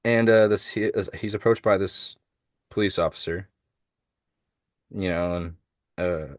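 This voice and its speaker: Low-voiced man rambling about comics. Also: a little slow, no echo, studio quality. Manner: rambling, many fillers and restarts. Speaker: podcast co-host. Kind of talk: casual chat about comics. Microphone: remote call over shaky internet.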